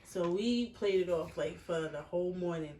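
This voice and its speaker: Her voice is on the low side and moves at normal speed as she, a woman in her twenties, bluntly recounts something that happened to her, full of profanity and animation. Faint hiss, a far-off mic and an echoey room colour the recording.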